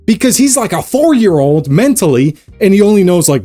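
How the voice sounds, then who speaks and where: A man giving a casual commentary vlog, ranting with sarcastic, animated energy. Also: high-pitched, brisk, hardly any pauses, soft background music. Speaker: anime reaction youtuber.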